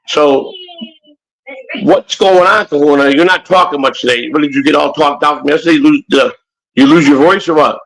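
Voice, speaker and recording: A man's voice: on the high side, normal speed, vocal fry, a bit bright, low-quality recording. An older man and grandfather co-hosting a casual morning chat show, rambling and joking with many restarts. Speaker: co-host.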